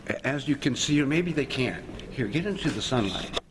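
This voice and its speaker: Chatty man with a lively voice. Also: mid-range voice, moderate pace, background noise. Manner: chatty, addresses viewers as folks, talks softly to his cat. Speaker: home video host. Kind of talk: casual home video chat. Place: at home, partly in sunlight. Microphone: camera held by his wife.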